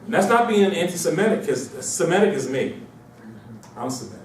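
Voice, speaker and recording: Animated lecturing man in an echoey room. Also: on the high side, brisk, slight background noise. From Mauritania. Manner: animated, repetitive, slips into mocking voices. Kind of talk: informal lecture to a small audience. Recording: echoey room, distant mic.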